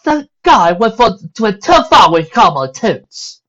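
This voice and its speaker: A woman's voice: medium pitch, lively intonation, fast, a bit bright, muffled recording, voice pushed up, natural voice. A woman voicing a tough, blunt young woman who talks in a brash, cocky way.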